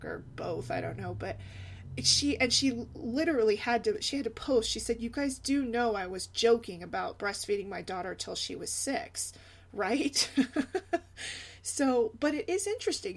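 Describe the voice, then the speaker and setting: A young woman chatting casually in a vlog about parenting, animated and laughing often. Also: mid-range voice. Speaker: mom blogger.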